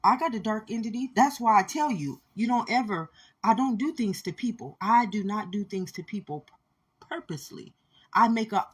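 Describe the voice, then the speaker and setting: A woman's voice: mid-range voice, expressive, normal speed, husky. A woman giving an impassioned spiritual monologue, speaking intensely and repeating her points as she addresses listeners directly.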